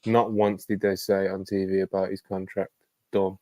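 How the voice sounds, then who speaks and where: Laid-back podcast co-host, man, low voice, mumbly, dry close mic. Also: level tone, moderate pace, mellow, dry recording. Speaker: podcast co-host reading viewer messages. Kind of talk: casual chat.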